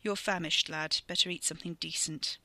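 A storyteller voicing a cold, wily old male wizard who talks in a calm, knowing way. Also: medium pitch, a little fast, no room sound. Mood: coaxing.

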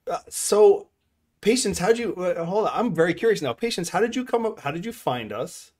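A male podcast host with a high, expressive and slightly mellow voice talks at a moderate pace into a desk microphone. It's a casual podcast chat in the style of a live-stream conversation, full of rambling and frequent laughter.

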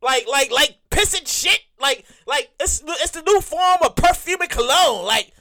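Lively, high-voiced New woman ranting. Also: unhurried. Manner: animated, repetitive, swears freely, exasperated. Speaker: vlogger telling a work story. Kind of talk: casual storytime rant.

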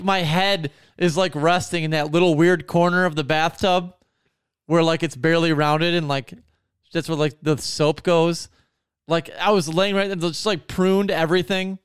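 A man's voice: fairly high pitch, smooth, no room sound, clean studio sound. A man telling a long story in a casual, rambling way, swearing often and full of fillers. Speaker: podcast co-host telling a story.

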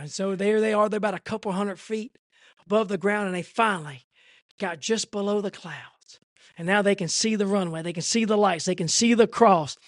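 A man preaching a sermon in an impassioned, repetitive way that swells toward near shouting. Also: high-pitched, normal speed, no echo, clean studio sound.

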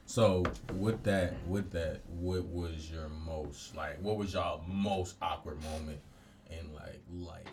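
Deep-voiced young man, laid-back. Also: fairly even intonation, takes it slowly, a little mellow, slight background noise. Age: young adult. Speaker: podcast co-host. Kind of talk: casual chat.

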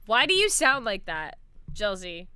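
A woman's voice: mid-range voice, sing-song, unhurried, pushed and bright, clean tone, no room sound. A young woman hosting a podcast, chatting playfully, swearing often and reading a news story aloud. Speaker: podcast host. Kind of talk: casual podcast chat.

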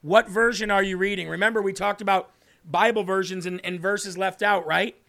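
A man hosting a livestream Bible teaching, reading scripture slowly and speaking earnestly with emphasis. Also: high-pitched, steady tone, vocal fry, sharp tone. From northern United States. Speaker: host and preacher.

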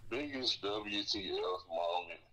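Low bright-voiced male podcast co-host. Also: slow, poor audio. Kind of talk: casual wrestling chat.

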